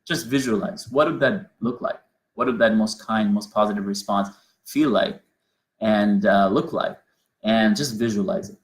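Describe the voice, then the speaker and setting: A man's voice: fairly low pitch, moderate pace. A man gives an earnest mindfulness lesson, walking through each step. He often restarts his sentences and repeats key phrases as he explains. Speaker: teacher.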